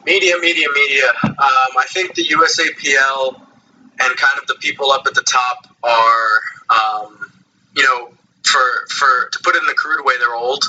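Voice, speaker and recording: A man's voice: mid-range voice, steady tone, normal speed, pushed and bright, poor audio. A man who lifts competitively, a guest on a casual podcast, explaining things earnestly at length with fillers.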